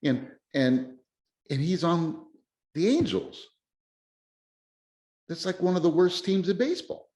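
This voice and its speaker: Rambling excitable man, casual chat. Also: a little high, takes it slowly, long pauses. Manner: rambling, excitable, many restarts. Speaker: podcast host. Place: lives in Japan.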